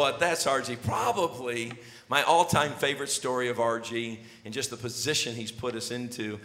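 A middle-aged pastor who tells funny family stories and acts out each scene before starting his sermon. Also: medium pitch. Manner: animated, jokey, acts out scenes. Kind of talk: storytelling sermon intro. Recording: echoey hall reverb.

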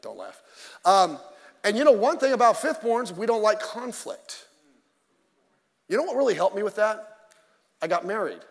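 A man's voice: high voice, sing-song, normal speed, gravelly, pauses often, long reverb tail. A male pastor preaching a sermon in an emphatic, conversational way, mixing in self-deprecating jokes.

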